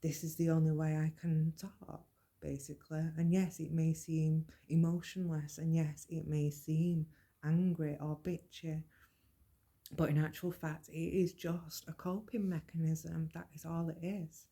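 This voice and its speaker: A woman talks through her own experience in an earnest, plain-spoken monologue. Her voice is very dark and mellow, with a steady gravelly fry under it. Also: sits low, a little slow. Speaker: podcast host. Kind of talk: personal monologue on mental health.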